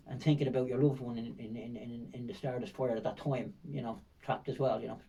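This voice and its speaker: A man's voice: medium pitch, mellow, husky, far from the mic, low-quality recording. An older man from Ireland with a Dublin accent, a podcast guest who tells vivid, rambling stories full of fillers and repeats. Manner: rambling, vivid storytelling with frequent fillers and repetitions. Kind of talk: storytelling in a podcast interview.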